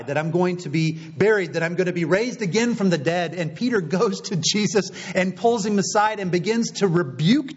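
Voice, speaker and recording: A man preaching a sermon, retelling scripture stories and acting out the dialogue. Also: slightly rough. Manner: storytelling, acting out quoted dialogue. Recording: slightly dull recording with faint low rumble.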